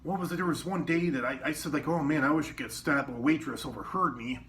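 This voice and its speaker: A man with a fairly high voice tells loose, rambling stories from his years in a restaurant kitchen. He swears a lot and keeps breaking into other people's lines. The mic sits some way off and picks up a faint hiss. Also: fast, a bit bright. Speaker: former cook telling work stories. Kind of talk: casual storytelling. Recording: distant mic with faint background noise.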